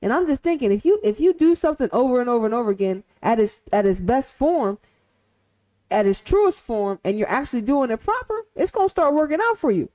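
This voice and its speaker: A high-voiced woman streamer talks in casual, profane commentary. Her pitch leaps all over, and she fires off rhetorical questions. She drops from loud bursts to near-hushed mutters. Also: a little fast. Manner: animated, swinging from loud to hushed.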